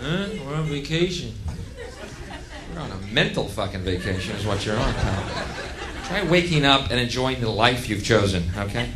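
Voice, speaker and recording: A man's voice: lowish voice, expressive, brisk, very noisy. A man doing live stand-up, ranting in a profane, sardonic way. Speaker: stand-up comedian.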